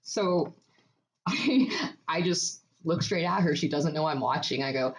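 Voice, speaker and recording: A woman's voice: lowish voice, moderate pace. A young woman co-hosting a podcast, telling a story in casual chat with frequent laughs. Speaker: podcast co-host.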